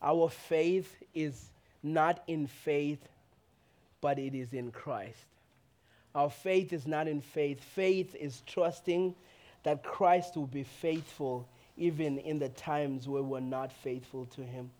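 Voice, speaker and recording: Male pastor, high-pitched, delivering a passionate sermon in a church. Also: takes it slowly. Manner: impassioned preaching, rising to shouts then quieting.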